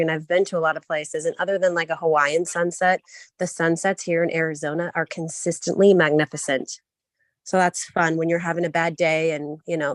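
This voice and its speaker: A woman chatting on a group voice call, quick and gushing as she talks. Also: lowish voice, no echo. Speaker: call guest. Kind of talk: casual group call chat. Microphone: online voice call.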